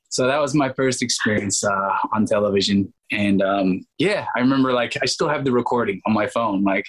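A man in his thirties, an actor as interview guest, telling stories in a lively, casual way, laughing often and acting out quotes. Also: on the low side, fairly quick, hardly any pauses, rough recording.

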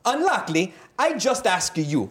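A man's voice: high-pitched, very animated, voice pushed up. A man putting on a gushing Italian fan. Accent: Italian, put on. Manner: choppy, halting phrasing. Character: Italian fan writing in broken English.

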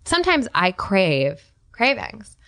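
A woman co-hosting a scripted comedy podcast, delivering absurd lines in a deadpan, playful way. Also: mid-range voice, slow, no room sound, clean studio sound. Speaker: podcast co-host.

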